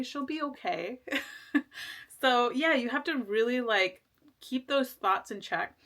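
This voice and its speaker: A woman's voice: mid-range voice, fairly bright tone. A woman talks through a tarot reading in a loose, casual way. She rambles, trips over restarts and leans on fillers. Her tone stays earnest and reassuring. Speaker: tarot reader.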